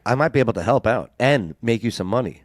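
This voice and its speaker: A man's voice: mid-range voice, expressive, quick pace, no room sound. A man hosting a casual chat, joking and sarcastic. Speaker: host.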